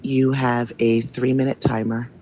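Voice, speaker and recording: A man's voice: medium pitch, little pitch movement, a little slow, warm tone, poor audio. A man hosting a live call-in stream, firmly keeping order and giving instructions. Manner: firm, orderly, gives instructions. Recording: faint background noise.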